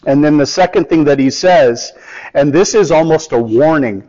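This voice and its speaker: Here the pastor sounds somewhat high with a darkish tone, moving at a moderate pace. He keeps the sermon conversational and performs the quoted voices, all heard through dull lo-fi audio and a long hall reverb.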